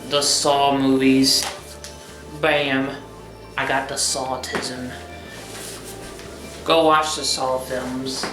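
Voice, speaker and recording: A man's voice: on the high side, distant mic. A young trans man talking casually to his viewers, blunt and swearing freely, with lots of hesitant fillers. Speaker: vlogger. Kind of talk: casual vlog talk to camera. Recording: echoey room, off-mic, faint music.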